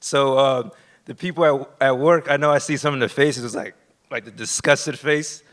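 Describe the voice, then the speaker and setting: A man from Florida telling a true personal story on a theater stage, nervous and halting with many fillers. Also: mid-range voice, a bit bright. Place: theater stage before a live audience.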